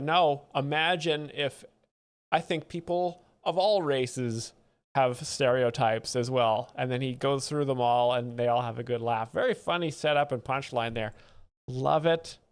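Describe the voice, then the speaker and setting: Deadpan male joke-explainer host. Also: mid-range voice, smooth. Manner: deadpan, mock-authoritative. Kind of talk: deadpan comedic commentary.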